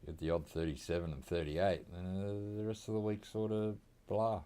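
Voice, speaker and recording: A man's voice: low voice, flat delivery, normal speed, mellow, clear, resonant tone. An Australian man streaming from home, giving laid-back, rambling gameplay commentary and chuckling often. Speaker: game streamer.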